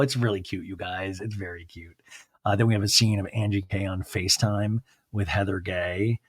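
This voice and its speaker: A man's voice: lowish voice, moderate pace, no room sound. A man hosting a comedic solo podcast recap of a TV show, chatty and gossipy with dramatic asides. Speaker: podcast host.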